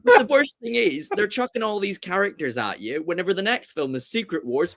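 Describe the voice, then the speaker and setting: Bright-voiced British podcast guest. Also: male voice, high voice, brisk, hardly any pauses. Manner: animated, ranting. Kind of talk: casual chat.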